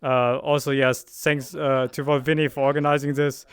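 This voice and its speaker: Smooth-voiced man hosting a live stream. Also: medium pitch, normal speed, dry recording, studio quality. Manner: excited, rambling with fillers. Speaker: event producer. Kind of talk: casual live-stream talk. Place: virtual reality event, voice chat.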